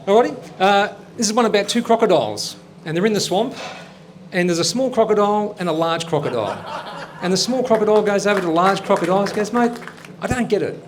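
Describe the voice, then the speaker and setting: A man hosting a comedy show and telling jokes in an upbeat, lively way. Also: sits high, quick pace, slight background noise. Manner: upbeat, lively joke delivery. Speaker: show host.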